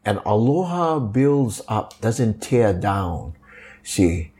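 Older Hawaiian man, pidgin-inflected English, lively storyteller, pitch jumping around. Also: drawn-out words. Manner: animated, acts out quoted voices, many fillers. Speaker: guest, kapa maker. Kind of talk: storytelling interview.

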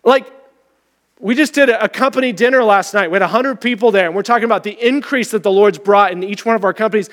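A man preaching a sermon as pastor in a church, talking in an animated, conversational way. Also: high voice, fast, in a large hall. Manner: animated, conversational, acts out voices.

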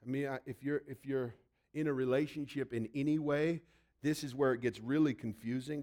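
A man's voice: mid-range voice, steady tone, normal speed, darkish tone. A man preaching a sermon in a conversational way, acting out little quotes. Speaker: pastor.

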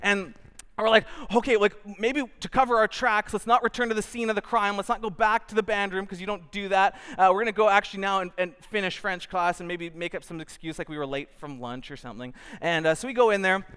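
A man's voice: sits high, fairly quick, clean tone, long reverb tail. A young man giving a sermon, telling a school prank story with acted-out quotes before he turns it into a lesson. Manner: storytelling, animated, acts out quotes. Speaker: preacher. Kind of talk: sermon with personal anecdote.

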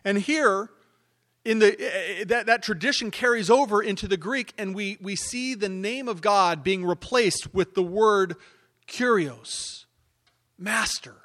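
Higher-voiced male preacher, hushed then loud. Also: measured pace. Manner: emphatic preaching, swinging between hushed and loud. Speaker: pastor. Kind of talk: sermon.

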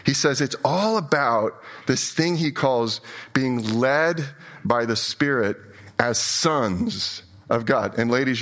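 A man preaching a sermon as a pastor, conversational and self-deprecating, swinging between quiet asides and emphatic peaks. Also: medium pitch.

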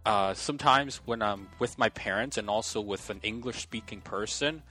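Halting podcast host man. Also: on the low side, bright, forceful tone, faint music behind. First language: Chinese. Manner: halting, repeats words. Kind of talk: casual chat.

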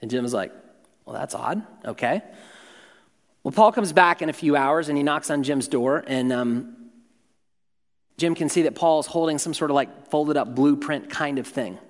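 A man preaching a sermon, telling a story in an easy, conversational way and quietly acting out what the people in it say. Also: a little high, normal speed, big-room sound. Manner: conversational, acts out the story's dialogue in quiet voices. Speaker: pastor.

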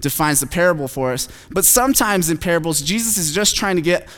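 A man preaching a sermon in a relaxed, conversational way, with self-deprecating asides and frequent fillers. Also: fairly high pitch, a little fast. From Phoenix, United States. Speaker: pastor. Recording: long hall reverb.

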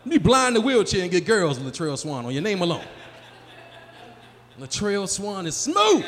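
A man's voice: high-pitched, wildly swooping pitch, moderate pace, long pauses, fairly bright tone. A man in his forties doing a loose, profane stand-up set and riffing with the crowd at a live comedy venue on a handheld mic. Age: 40s. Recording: live room reverb, faint crowd noise.

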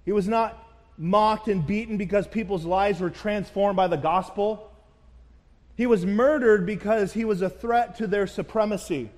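A male pastor with a high voice delivers a sermon in an animated, storytelling way, acting out the people in his story. His voice carries a long echo, as in a large church hall. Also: moderate pace.

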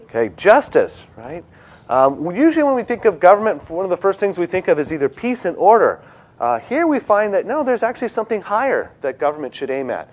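A middle-aged man teaching a seminar in a classroom, animated and joking, with many fillers and restarts. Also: high-pitched, fairly quick, breathy edge. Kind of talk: classroom lecture and discussion.

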